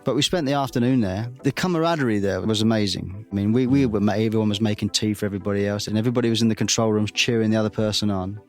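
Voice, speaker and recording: Fast-talking low-voiced Englishman recalling. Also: soft background music. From England. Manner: chatty, tells stories with quoted dialogue. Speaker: musician interviewee. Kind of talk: anecdotal interview recollection.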